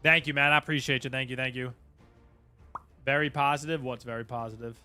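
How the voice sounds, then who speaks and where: A man's voice: medium pitch, steady tone, a little fast, sharp tone, smooth. A man streaming a game live, chatting casually and greeting viewers by name, with faint music behind.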